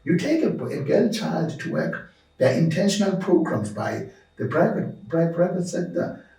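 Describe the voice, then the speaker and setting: Here the South African movement founder sounds a little high and very animated, with a warm tone at normal speed. As a podcast guest he speaks passionately and preaches emphatically, stacking his points in repeated lists, recorded on a distant mic in a roomy space.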